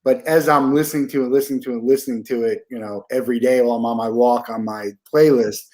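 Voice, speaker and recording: A man's voice: mid-range voice, steady tone, quick pace, darkish tone. A man in his forties hosting a podcast interview, talking in an easygoing, rambling way. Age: 40s. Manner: easygoing, rambling, with repeated words and fillers. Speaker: podcast host. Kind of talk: casual interview chat.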